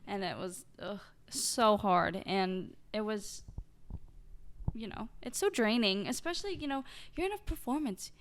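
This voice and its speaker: A woman's voice: fairly high pitch, expressive, normal speed, a little hiss or hum. Brief: young female host, casual, relatable, filler-heavy talk. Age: young adult. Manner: chatty, relatable, heavy use of "like" and "you know". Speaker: podcast host. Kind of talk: casual conversational interview.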